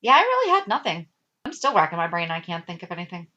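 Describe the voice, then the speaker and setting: A woman's voice: lowish voice, fast talker, muffled recording. A woman co-hosting a podcast, chatting casually and mostly reacting with short comments. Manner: brief reactions, lively intonation. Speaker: podcast co-host. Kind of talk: casual chat.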